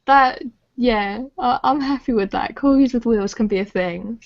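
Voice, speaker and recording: A woman's voice: on the high side, lo-fi sound. A British woman co-hosting a podcast, chatting casually and laughing often. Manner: giggly, quick to laugh. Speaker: podcast co-host. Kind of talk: casual chat.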